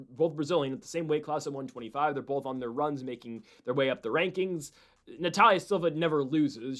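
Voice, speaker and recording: Male host, slightly high voice, animated, opinionated fight-prediction chat.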